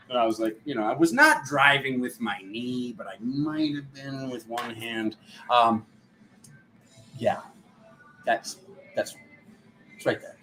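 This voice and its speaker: A man hosting a casual livestream, excitable and quick to laugh as he greets viewers by name. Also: medium pitch, a little hiss or hum. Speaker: spiritual livestream host.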